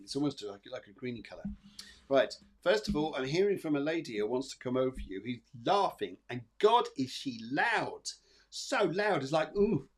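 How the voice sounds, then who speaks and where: Chatty psychic medium, man. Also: mid-range voice. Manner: chatty, reassuring, rambling with fillers. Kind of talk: live psychic reading show.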